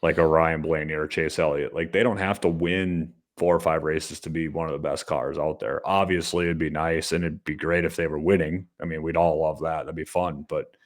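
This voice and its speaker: A man with an extremely low, rumbling voice co-hosting a podcast. He talks in a relaxed, chatty way and drops in dry jokes. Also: moderate pace, few pauses. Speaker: podcast co-host. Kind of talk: casual chat.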